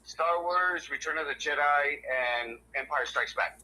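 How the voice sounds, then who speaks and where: A man co-hosting a podcast in casual chat, rambling and halting with many fillers and frequent swearing. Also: fairly high pitch, bright, forceful tone, a little hiss or hum, poor audio. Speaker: podcast co-host.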